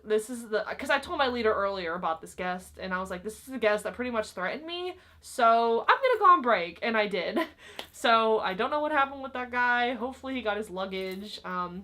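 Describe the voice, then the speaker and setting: A woman's voice: medium pitch, fairly bright tone. A young woman vlogger casually telling stories about her old job, chatty and full of "like" and "um". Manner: chatty, frequent fillers like "like" and "um". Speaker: vlogger recounting work stories. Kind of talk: casual storytelling to camera.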